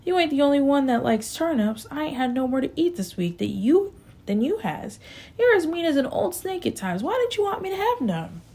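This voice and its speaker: Woman doing a rough young country man, blunt, accusing, gravelly. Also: a little high, lively intonation, brisk, dark tone, voice pushed up, exaggerated voice.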